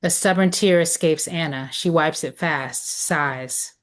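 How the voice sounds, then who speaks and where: Woman narrator, stage directions, low voice, measured. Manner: measured, descriptive. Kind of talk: script read of stage directions.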